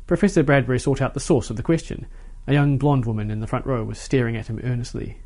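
A man narrates a short story at a steady, measured pace. His voice sits in a middle pitch, and he tells the story plainly and evenly.

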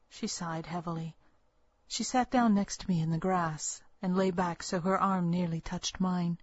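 A woman reads a first-person story in a measured, earnest way, taking her time. Her voice is husky and breathy at a middle pitch. The recording is dry, with a muffled, lo-fi tone. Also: steady tone, dry recording. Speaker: narrator.

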